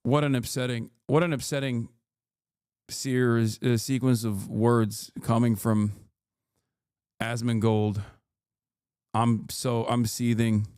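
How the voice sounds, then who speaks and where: A man in his thirties talks through a casual reaction stream with a mocking, sarcastic edge, laughing as he goes. His voice is smooth and resonant, recorded close and dry. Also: mid-range voice, a little mellow, no room sound.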